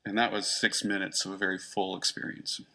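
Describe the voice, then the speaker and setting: A man giving a conference talk, reading prepared case notes in an earnest, measured way. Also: low voice, flat delivery, sharp tone. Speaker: conference presenter, therapist.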